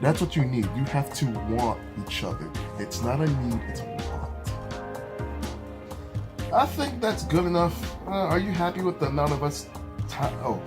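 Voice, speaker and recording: A man's voice: a little high, animated, moderate pace, over music. A man vlogging at home, chatting earnestly and casually as he answers relationship questions, with asides and restarts. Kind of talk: casual vlog chat. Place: his home, walking from bedroom to kitchen.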